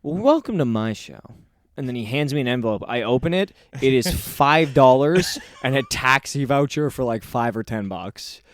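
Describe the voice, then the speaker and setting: A man's voice: mid-range voice, normal speed, no room sound, clean studio sound. A man in his twenties co-hosting a podcast, telling a story in casual chat and acting out the quotes. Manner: animated storyteller, acts out quotes in loud voices. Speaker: podcast co-host.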